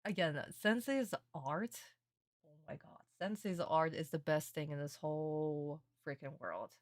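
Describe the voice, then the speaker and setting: Excitable young woman streamer, low voice. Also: unhurried, dry recording, studio quality. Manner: excitable, laughing often, swearing casually. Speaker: streamer reacting to an anime. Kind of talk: casual reaction commentary.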